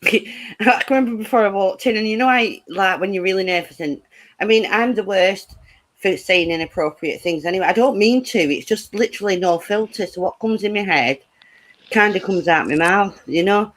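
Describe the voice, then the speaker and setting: Speaking at normal speed in a mid-range voice, this middle-aged woman chats casually. Her storytelling is blunt, punctuated by laughter.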